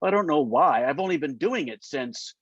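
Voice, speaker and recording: A man's voice: on the high side, animated, normal speed, a bit bright, slightly rough, no echo. A man reading aloud as an earnest, nervous young male aide who sounds eager and self-conscious. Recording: muffled lo-fi dry sound.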